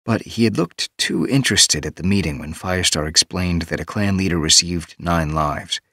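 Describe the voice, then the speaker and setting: A man reading an audiobook as narrator, steady and measured. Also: low-pitched, dry recording. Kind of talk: scripted narration. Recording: dry studio booth.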